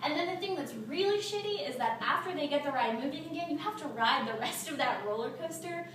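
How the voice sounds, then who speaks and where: A young woman casually telling a funny story to a small group, animated and laughing, with many fillers. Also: high-pitched, fast talker, a little hiss or hum. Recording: roomy, distant mic, faint ambience.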